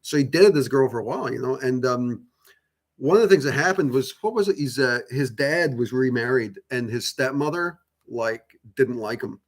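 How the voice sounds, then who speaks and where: A man's voice: mid-range voice, moderate pace. Rambling man musing on spiritual energy. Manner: rambling, many fillers and restarts, swears casually. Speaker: channel host. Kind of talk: casual spiritual talk to viewers.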